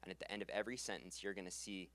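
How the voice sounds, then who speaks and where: Upbeat man training salespeople on stage. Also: rapid-fire. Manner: energetic, laughs easily, ends sentences on a falling pitch. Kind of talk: live seminar talk. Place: conference room with live audience. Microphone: handheld stage mic.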